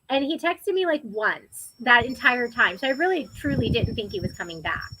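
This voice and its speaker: A young woman telling her own story in a casual, animated way, acting out what people said. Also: fairly high pitch, no echo, poor audio. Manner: animated, quotes people in raised voices.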